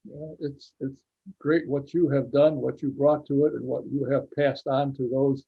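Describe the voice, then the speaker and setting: A man's voice: mid-range voice, flat delivery, moderate pace, vocal fry, husky, phone-quality sound. A man hosting a racing talk show, chatting admiringly with his guest over a video call. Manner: admiring, rambling with restarts. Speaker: radio show host.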